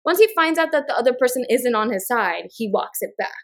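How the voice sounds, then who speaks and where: This podcast co-host, a woman whose voice runs high with lively intonation, speeds through a casual reality-show recap. She brings the cast's quotes to life by acting them out.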